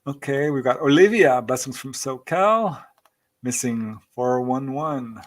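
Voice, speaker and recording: A man's voice: mid-range voice, expressive, a little slow. Chatty male podcast host reading chat. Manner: chatty and thankful, laughing between comments. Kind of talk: live-stream show, reading out viewer chat.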